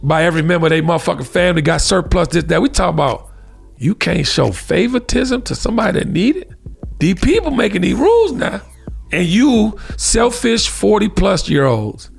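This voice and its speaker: An American man hosting a talk show, giving fiery, profane commentary that swings from shouts to hushed tones. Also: sits high, sing-song, brisk, creaky, slightly rough, soft background music. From United States. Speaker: host.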